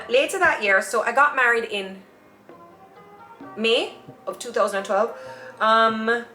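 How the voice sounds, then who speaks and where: A young Jamaican woman telling her own story in a chatty, animated way, acting out the voices of people she quotes. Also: medium pitch. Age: young adult. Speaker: vlogger. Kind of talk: casual personal storytelling. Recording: echoey room with faint music.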